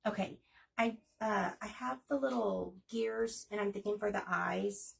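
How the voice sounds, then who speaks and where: A woman's voice: mid-range voice, a little slow, creaky, slightly rough, distant mic. A woman in her forties chatting casually and rambling as she hosts a crafting livestream. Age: 40s. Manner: chatty, rambling, talks while working.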